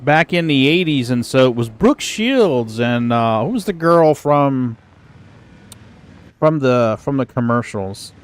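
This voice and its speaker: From his home computer setup, a middle-aged man hosts a livestream, chatting casually and ramblingly with viewers and exclaiming often. His medium-pitched voice is smooth and expressive, and he takes his time.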